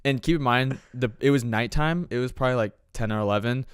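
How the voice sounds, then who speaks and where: A man's voice: medium pitch, quick pace, clean tone. A young man co-hosting a casual podcast, telling a story in a laid-back way and laughing along. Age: young adult. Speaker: podcast co-host. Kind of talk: casual chat.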